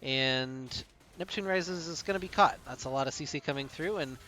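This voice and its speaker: A man casting a live esports match play-by-play, brisk and chuckling often between calls. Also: a little high, sharp tone, a little hiss or hum. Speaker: play-by-play caster.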